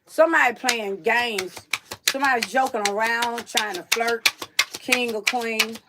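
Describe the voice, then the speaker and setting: A woman's voice: a little high, measured pace, heavy background noise. A woman hosting a casual livestream card reading, chatting loosely and repeating herself to her viewers. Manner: chatty, repetitive, addresses viewers as y'all. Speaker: psychic card reader host.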